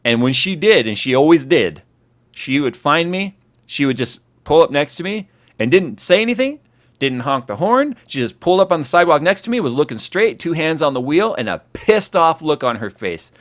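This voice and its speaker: A man hosting a casual livestream chat, telling stories in an animated way and acting out the scenes. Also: fairly high pitch, normal speed. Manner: animated storyteller who acts out scenes. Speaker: host.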